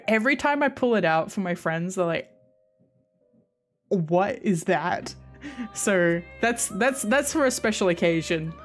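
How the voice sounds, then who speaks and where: Australian woman, young adult, unhurried drawl, slightly low voice, rambling chatty streamer, faint music underneath. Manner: rambling, self-interrupting, giggly. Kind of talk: casual live-stream chat with viewers.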